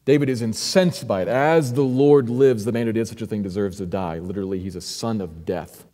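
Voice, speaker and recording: A man preaching an expository sermon as pastor, earnest, moving between hushed, quiet stretches and emphatic rises. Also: lowish voice, a little fast. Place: church sanctuary. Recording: echoey church hall.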